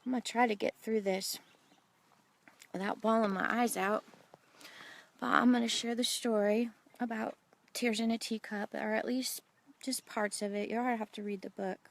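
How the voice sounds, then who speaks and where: Gravelly earnest woman speaking outdoors. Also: on the high side, fairly even intonation, normal speed, pauses often. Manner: earnest and heartfelt, speaking straight to the viewer. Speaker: Christian speaker sharing a testimony. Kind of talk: devotional vlog storytelling. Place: outdoors in a wooded hideout.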